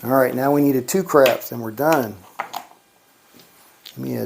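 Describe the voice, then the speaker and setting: Playing a casino's electronic craps machine, this gambling vlogger offers relaxed commentary, calling each roll and grumbling mild curses. He speaks at a measured pace with a medium pitch and vocal fry, over a noisy background.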